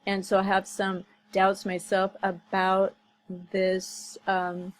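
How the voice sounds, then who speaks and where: A woman's voice: medium pitch, completely flat delivery, takes it slowly, rough recording. A woman talking through commentary on a video clip, thoughtful and hesitant, full of fillers and restarts. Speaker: commentary vlogger.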